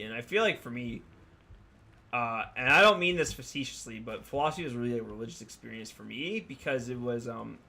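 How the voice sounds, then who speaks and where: A man's voice: medium pitch, creaky, sharp tone. A man in his twenties commentating a game, rambling and musing with lots of fillers. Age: 20s. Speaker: let's play host. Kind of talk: casual gaming commentary.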